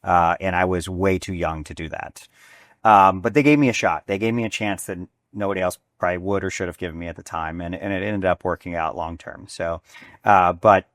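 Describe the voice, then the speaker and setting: A man in his forties, a restaurant executive, telling stories in an interview, animated and acting out dialogue with many restarts. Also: low voice, fairly quick, no echo. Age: 40s. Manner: animated storyteller, acts out dialogue, frequent restarts. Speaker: restaurant chain executive, guest. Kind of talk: conversational interview storytelling.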